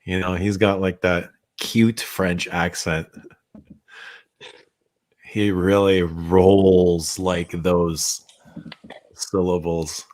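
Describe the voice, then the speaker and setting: A man's voice: low voice, little pitch movement, slow. A man hosting a late-night livestream, talking in a laid-back, drawling way and laughing often. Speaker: perfume brand owner hosting a livestream.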